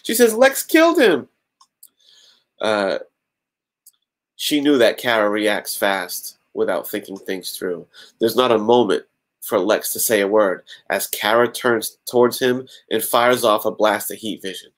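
A man's voice: on the low side, steady tone, moderate pace. Man reading a story with joking asides. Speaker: podcast host. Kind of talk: reading a fan-written story aloud.

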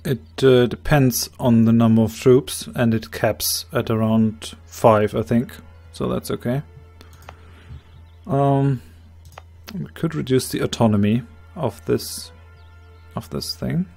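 A man with a slightly hoarse voice calmly explaining his moves, thinking aloud in a strategy game let's play. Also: medium pitch, slow pace, faint music behind. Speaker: game commentator.

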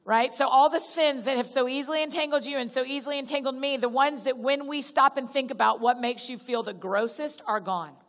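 A woman's voice: high voice, a little fast, hardly any pauses, fairly bright tone. Chatty woman preaching in a reverberant hall. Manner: chatty, direct, addresses listeners as y'all; restarts sentences and acts out little prayers. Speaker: guest speaker at a church gathering. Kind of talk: conversational sermon. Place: church auditorium. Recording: long reverb of a large hall.

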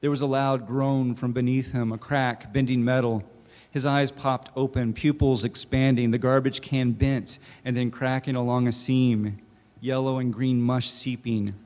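A man's voice: mid-range voice, little pitch movement, a little slow, darkish tone. Male author reading in an echoing hall. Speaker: author reading his fiction. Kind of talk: literary reading. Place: campus event hall. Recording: reverberant hall.

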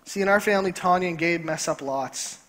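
A male pastor preaching a sermon in a church, driving points home by repeating key phrases slowly. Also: high voice, a bit bright. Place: church sanctuary. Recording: long church hall reverb.

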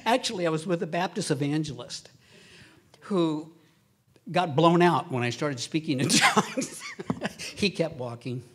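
Man, pastor, sermon, slightly high voice, husky, animated. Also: unhurried, pauses often. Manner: animated, acts out quoted voices, laughs at his own stories.

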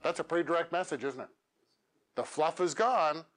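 A man leads a live workshop for a meetup room, coaching in a direct, plain-spoken way. His voice sits somewhat high. He keeps ending his points with questions to the audience. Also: normal speed, a bit bright. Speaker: featured speaker.

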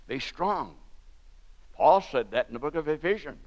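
A man's voice: on the high side, big pitch swings, normal speed. An older man preaching a sermon in a church, telling stories with fervent emphasis. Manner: fervent storytelling preacher, rising to emphatic peaks. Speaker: pastor. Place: church sanctuary. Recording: dull lo-fi church recording with long reverb.

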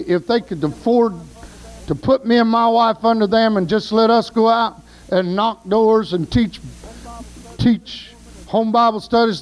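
High-voiced preacher man. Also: low-quality recording. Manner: folksy storytelling, shouts praise. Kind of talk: sermon.

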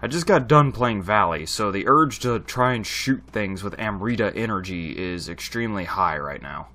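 A man's voice: fairly low pitch, animated, moderate pace, sharp tone. A man giving casual let's play commentary, thinking aloud and chatting to his viewers. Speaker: gaming channel host.

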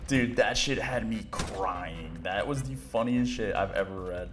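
A man casually commentating his own gameplay, excitable, laughing often and swearing, with game audio playing behind him. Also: on the low side, fairly quick, hardly any pauses. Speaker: gaming YouTuber. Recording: game music and gunfire behind.

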